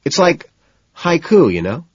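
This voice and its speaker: A man's voice: fairly high pitch, big pitch swings, a little slow, husky, no echo, dull audio, voice pushed up, exaggerated voice. A man voicing an anxious young man who talks in a nervous, breathless rush. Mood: urging.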